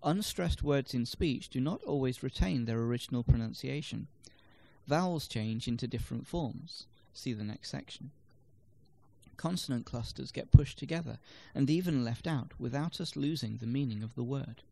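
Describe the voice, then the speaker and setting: A man reading scripted instructional narration for a language lesson, measured and explanatory, demonstrating word stress in example sentences. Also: medium pitch, vocal fry, mellow.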